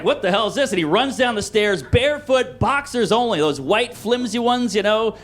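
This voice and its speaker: High-voiced man telling a wild stand-up story. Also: noisy background. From Louisiana. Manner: animated, acts out yells and panicked quotes. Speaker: stand-up comedian.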